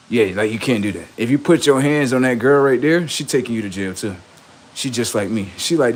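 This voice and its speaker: A man's voice: medium pitch, brisk. A man on a livestream, talking in a rambling, profane, boastful monologue, often laughing and acting out quoted voices. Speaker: livestream host.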